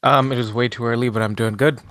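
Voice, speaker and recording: A college-age man co-hosting a casual podcast, making dry, deadpan quips. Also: mid-range voice, quick pace, no room sound. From Pacific US. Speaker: podcast co-host.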